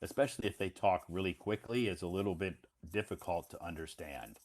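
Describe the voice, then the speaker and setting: Brief: low-pitched American male teacher, easygoing chat, lots of repetition and laughter. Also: fairly quick, darkish tone. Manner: chatty, laughs often, repeats words for a learner. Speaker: English teacher host. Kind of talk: casual conversational interview. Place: lives in Beijing.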